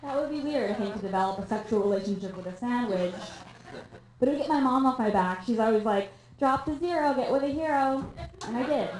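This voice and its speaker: Young female stand-up comic, dry self-mocking delivery, recorded in an echoey theatre over room noise. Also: medium pitch. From Canada. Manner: deadpan, self-mocking, quick asides. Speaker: stand-up comedian. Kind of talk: stand-up comedy set. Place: theatre stage with audience. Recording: echoey room, live audience.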